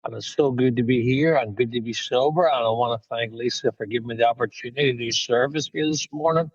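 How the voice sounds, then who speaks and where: Quick and slightly rough, this medium-pitched voice belongs to a man from Northern Ireland with a Northern Irish accent; the audio has no room sound and lacks highs. As a guest speaker sitting in his parked car, he tells his recovery story candidly, often at his own expense.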